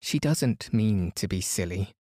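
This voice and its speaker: A kind young girl who speaks gently and soothingly, trying to calm everyone down, as a man reading a bedtime story voices her. The delivery is slow and even in his own fairly low voice, recorded close and dry. It stays close to plain storybook reading rather than a distinct voice. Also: no room sound. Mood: gentle.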